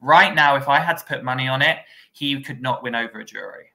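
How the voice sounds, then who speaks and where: Guy co-hosting a podcast, bright voice, kinda thinking out loud as he talks. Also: mid-range voice, brisk, vocal fry. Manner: conversational, thinks aloud with fillers. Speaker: podcast co-host. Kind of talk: casual recap chat.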